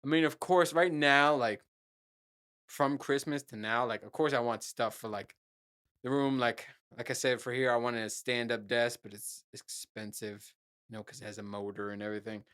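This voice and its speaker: Host, middle-aged man, from New Jersey, loose profane solo rant, self-mocking, mid-range pitch. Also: fairly even intonation, normal speed, fairly bright tone, clean tone. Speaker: podcast host.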